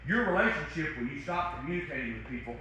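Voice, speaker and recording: A man preaching a sermon as pastor, talking conversationally with big swings from loud to soft. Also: expressive, fast talker, very echoey, a little hiss or hum. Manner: conversational preaching with wide swings in loudness and pitch. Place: church sanctuary.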